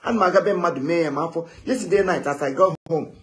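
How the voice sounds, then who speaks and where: A man telling stories in a casual live chat, animated and often quoting others. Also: a little high, fairly quick. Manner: animated, switching between English and Igbo, quoting others.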